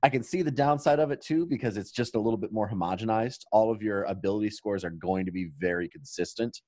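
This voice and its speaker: A man's voice: on the low side, fast talker, darkish tone, no echo. A man co-hosting a tabletop gaming podcast in casual chat, laid-back and blunt with casual swearing. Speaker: podcast co-host and tabletop player.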